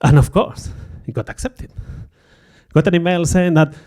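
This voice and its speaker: A man giving a conference talk before an audience, speaking candidly and poking fun at himself, with frequent laughs and lively acted-out quotes. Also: on the high side, normal speed. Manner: candid, self-deprecating, laughs often; acts out quoted remarks in a livelier voice.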